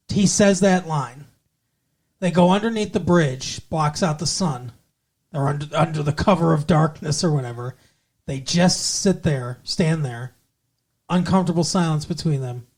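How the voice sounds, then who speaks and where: A man's voice: a little high, measured pace. Blunt, profane man reviewing a movie. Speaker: podcast co-host. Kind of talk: casual movie review chat.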